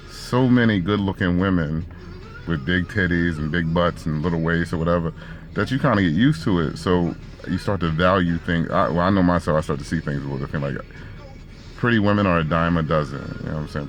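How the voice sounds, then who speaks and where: A man telling a story in a casual monologue, laid-back and slangy with plenty of swearing. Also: sits low. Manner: laid-back slangy and profane, frequent restarts.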